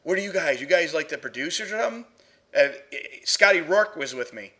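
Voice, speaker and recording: A man's voice: fairly high pitch, expressive, fairly quick, bright, forceful tone. A talkative man hosting a casual chat, laughing easily. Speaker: podcast host.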